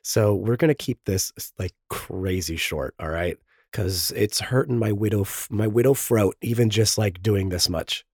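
A man's voice: lowish voice, darkish tone, no echo, studio quality. A man hosting a podcast and reading the show's promos, his throat sore and strained from illness, with self-pitying jokey asides. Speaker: podcast host. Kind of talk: sponsor-style promo read.

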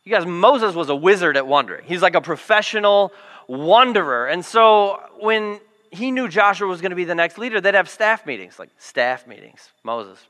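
A man preaching with a high, bright, ringing voice that carries a long hall reverb. He tells the story casually and with humor, acting out the lines of the people in it and sometimes raising his voice to a yell. This is a church sermon. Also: moderate pace. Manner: animated, jokey storytelling with acted quotes and yelled lines. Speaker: pastor.

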